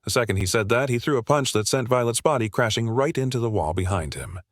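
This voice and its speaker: A man's voice: mid-range voice, lively intonation, fast talker, no room sound, clean studio sound. A man narrating a comic recap in a casual, slangy, breezy way.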